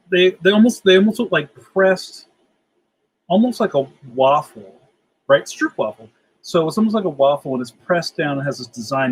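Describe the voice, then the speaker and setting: A man's voice: on the high side, slightly rough, poor audio. A middle-aged man hosting a casual livestream, reading out chat comments, laughing easily, and saying "yo" a lot. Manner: laughs often, says "yo".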